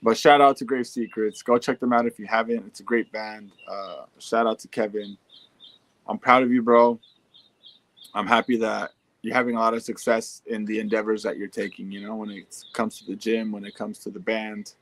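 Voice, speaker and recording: A man's voice: fairly low pitch, flat delivery, moderate pace, a bit bright. Slangy laid-back young man streaming. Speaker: streamer reading fan messages. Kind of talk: casual livestream chat.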